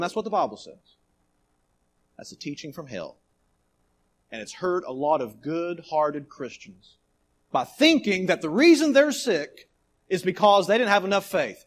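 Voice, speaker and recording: Animated preaching man, high and lively. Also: slightly rough. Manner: preaching with dramatic swings between loud emphasis and quiet, drawn-out phrases. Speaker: pastor. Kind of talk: sermon. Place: church sanctuary.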